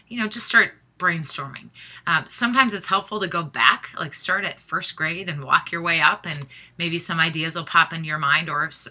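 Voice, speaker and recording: A woman's voice: lowish voice, bright, forceful tone. A middle-aged woman facilitator talking straight to her audience, upbeat and encouraging, often restarting her sentences. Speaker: workshop facilitator. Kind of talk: direct-to-camera prep message.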